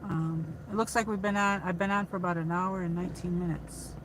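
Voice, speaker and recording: A woman's voice: on the low side, fairly even intonation, a little fast, noisy background. A woman from upstate New York chatting casually to her livestream viewers from her car, rambling with lots of fillers and restarts. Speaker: livestream host.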